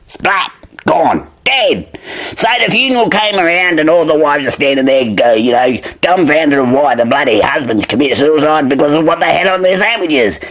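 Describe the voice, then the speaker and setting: A drunk Australian man rambling through a crude joke, swearing freely and losing his place. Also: medium pitch. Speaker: comedy podcast joke teller.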